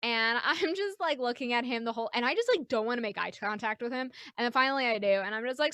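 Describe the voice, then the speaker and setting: Woman comic from New York, high bright voice, animated storyteller. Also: quick pace, few pauses, dry recording. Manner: animated, acts out the people in her stories. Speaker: comedian, guest. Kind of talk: casual chat, comic storytelling.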